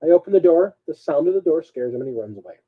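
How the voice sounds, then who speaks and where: A man co-hosting a live show, telling a story in a casual, animated way. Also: fairly high pitch, racing, husky, phone-quality sound. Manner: animated, swings between mutters and loud bursts. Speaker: co-host.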